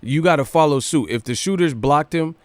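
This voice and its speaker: A man hosting a boxing news livestream, ranting casually with profanity and rapid rhetorical questions. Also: a little high, no echo.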